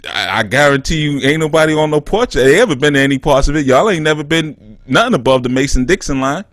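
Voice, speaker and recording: A man's voice: a little high, expressive, fast talker, fairly bright tone, dry recording. A man, hosting a call-in show, teasing and joking in easy slang with a caller. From New York. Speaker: spiritual counselor and show host. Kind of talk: casual call-in banter.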